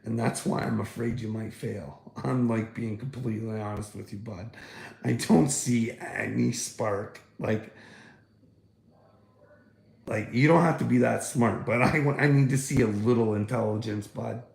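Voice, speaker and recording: A man's voice: fairly low pitch, unhurried, gravelly, a little mellow, reverberant. A man chatting casually on a livestream, mocking and swearing at viewers and laughing often. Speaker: livestreamer talking to chat.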